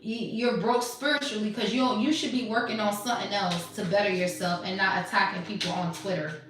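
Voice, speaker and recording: A woman's voice: mid-range voice, fairly even intonation, a little fast, distant mic. Brash woman in an echoey room. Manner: blunt, profane, slangy and mocking. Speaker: tarot reader. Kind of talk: casual tarot reading monologue.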